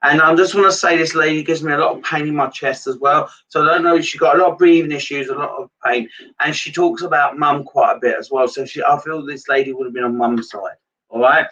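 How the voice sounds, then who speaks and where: Rambling male medium, bright tone. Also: on the high side, fairly even intonation, a little fast. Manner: rambling, repetitive, hesitant. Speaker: psychic medium. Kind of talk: live-streamed reading. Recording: dull lo-fi sound from a distance.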